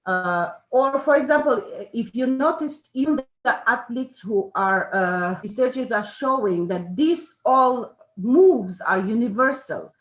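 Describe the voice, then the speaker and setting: A woman's voice: on the high side, lively intonation, a little slow, hardly any pauses. A woman giving an informal talk, explaining with many fillers and self-corrections. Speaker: speaker on charisma. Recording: echoey room.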